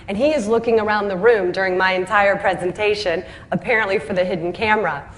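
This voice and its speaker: A founder, a woman with a medium-pitched voice, shares her story in a speech full of energy and self-deprecating humor. She acts out the people she quotes and laughs along at her punchlines.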